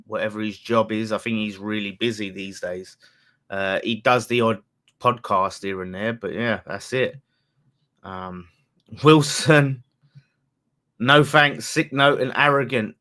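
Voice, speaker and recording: Chatty blunt football fan host. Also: male voice, medium pitch, fairly bright tone. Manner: rambling, chatty, blunt, swears freely. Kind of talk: casual live-stream chat.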